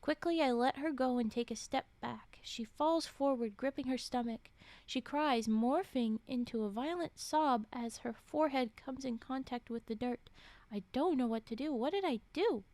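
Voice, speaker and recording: Reading a story with theatrical flair, this woman streamer drops into whispers for asides and reacts aloud between sections. She sits high in pitch and talks at a normal speed, with no room sound.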